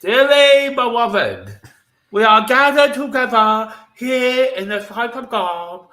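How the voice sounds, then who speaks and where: A man voicing a pompous old wedding priest, speaking slowly and ceremoniously in a nasal voice. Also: very high voice, very animated, bright, forceful tone, reverberant, voice pushed up, heavily acted. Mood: solemn. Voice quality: nasal, drawn-out. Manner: slow and ceremonious. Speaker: comic book podcast host.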